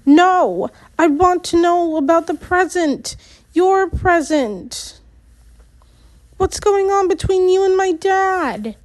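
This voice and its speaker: Angry teen boy, read by a woman, loud and accusing, slow. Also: high-pitched, expressive, voice pushed up. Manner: raised voice, accusing.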